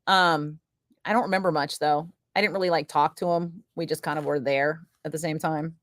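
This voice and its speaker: A woman's voice: low-pitched, fairly even intonation, moderate pace, a bit bright, dry recording. Chatty woman radio DJ, dry sound. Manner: rambling, chatty, many filler words. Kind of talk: casual on-air storytelling chat. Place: radio studio.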